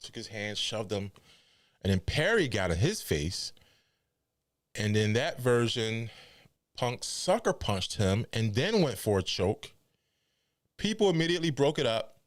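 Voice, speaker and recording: Lower-pitched man riffing on news. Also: measured pace, pauses often, no room sound, studio quality. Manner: animated, incredulous, mock quoting. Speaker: wrestling podcast host. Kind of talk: casual news commentary.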